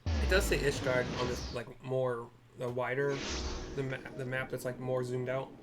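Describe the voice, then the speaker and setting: A man's voice: medium pitch, steady tone, moderate pace, background noise. A man giving casual, rambling commentary on a game playthrough and often correcting himself. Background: game music.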